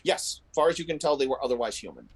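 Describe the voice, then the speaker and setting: A man's voice: medium pitch, fast talker, husky, low-quality recording. A man narrating a tabletop role-playing game as game master, telling the scene in vivid detail. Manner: descriptive, animated storytelling with frequent restarts.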